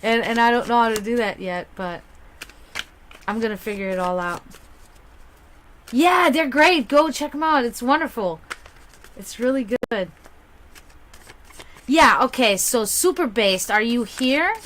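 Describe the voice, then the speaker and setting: A woman's voice: animated, slight background noise. Bubbly German-accented woman. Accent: German with a slight Slavic touch. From half German, half Serbian. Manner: chatty, bubbly, quick swings in pitch and loudness. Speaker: psychic reader and livestream host. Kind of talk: casual livestream chat.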